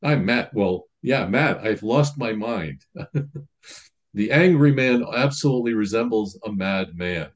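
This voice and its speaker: A man's voice: fairly low pitch, expressive, a little slow. A man priest giving a sermon in a conversational teaching manner, reading quotations aloud and explaining them.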